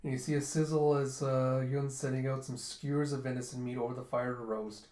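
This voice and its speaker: A man's voice: mid-range voice, flat delivery, a little fast, darkish tone. A young man casually reading through and retelling a comic volume, chatty and loose, narrating scenes with "he's like". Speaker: comic reviewer. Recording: roomy echo.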